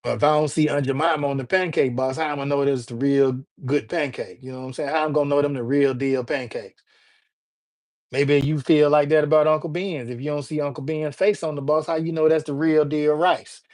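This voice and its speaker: A man's voice: fairly high pitch, fairly even intonation, a little fast, darkish tone. A man from Alabama, hosting a casual livestream and chatting in a laid-back, slangy way while greeting viewers by name. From Alabama, USA. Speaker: livestream host.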